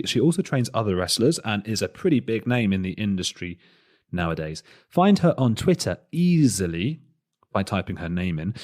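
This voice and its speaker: A man hosting a podcast, giving a chatty, rambling solo introduction with self-deprecating asides. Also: deep voice. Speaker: podcast host.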